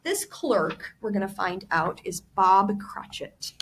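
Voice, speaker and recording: A woman's voice: mid-range voice, expressive, takes it slowly, fairly bright tone, slight background noise. A woman teacher explaining vocabulary during a classroom read-aloud, addressing students directly.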